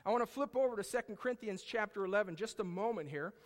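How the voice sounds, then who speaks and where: A male pastor preaching a sermon, animated, swinging between loud outbursts and hushed, intense passages. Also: high-pitched, fast. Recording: long reverb in a large hall.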